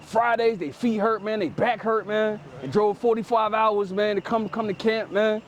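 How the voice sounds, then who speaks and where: A man with a high-sitting voice preaches outdoors at normal speed, with a little hiss or hum in the recording. Lively and emphatic, he explains scripture in loose street slang, tagging phrases with "man."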